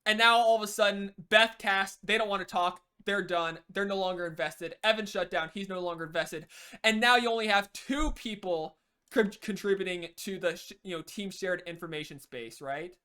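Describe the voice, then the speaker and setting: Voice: medium pitch, moderate pace, sharp tone, clean tone. A game coach giving a casual spoken lesson, rambling with lots of "you know" and frequent restarts.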